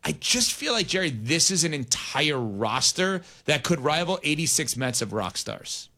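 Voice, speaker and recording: Bright-voiced middle-aged man co-hosting. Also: on the high side, sing-song, normal speed. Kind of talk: casual interview chat.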